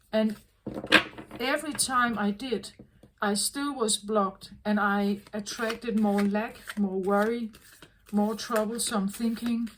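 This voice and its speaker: A woman tarot reader talking in a slow, earnest, reflective way, often repeating herself as she works through a thought. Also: a little high, noisy background. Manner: slow, repetitive, earnest, self-correcting. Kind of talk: reflective spoken reading.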